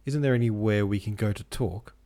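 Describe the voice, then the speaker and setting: A man with a deep voice reads an earnest young gentleman in an audiobook, quiet and a bit halting in his speech. His lines come out low and subdued, full of pity and shame. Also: natural voice. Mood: earnest, ashamed. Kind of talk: audiobook character voice.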